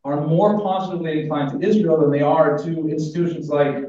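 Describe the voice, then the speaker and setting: A man's voice: a little high, steady tone, brisk, mellow. A man speaking at a conference, giving a casual lecture full of fillers and restarts. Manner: casual, self-interrupting, with fillers. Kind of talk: academic lecture with humor. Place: large conference hall. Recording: echoey hall from far off, dull sound.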